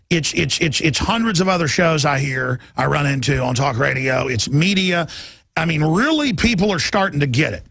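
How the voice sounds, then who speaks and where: Angry middle-aged talk radio host from texas, high gravelly voice, dry close sound. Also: male voice, fairly bright tone, dry recording. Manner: heated, ranting, mocks opponents in put-on voices. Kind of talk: impassioned talk radio monologue.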